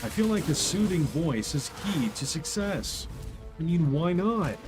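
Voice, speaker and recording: A man's voice: on the high side, lively intonation, moderate pace. A man streaming a game live on a studio mic, chatting casually in a joking, self-mocking way. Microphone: studio condenser mic. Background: game music.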